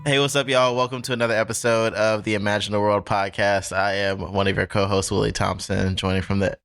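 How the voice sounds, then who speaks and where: A young man co-hosts a podcast with an upbeat, casual and chatty delivery. His voice sits fairly low. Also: flat delivery, a little fast, a bit bright, smooth, soft background music. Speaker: podcast co-host.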